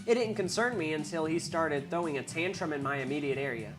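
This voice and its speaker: A woman reading a visual novel aloud, wry, with asides and quick self-corrections. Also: deep voice, over music. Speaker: game reader.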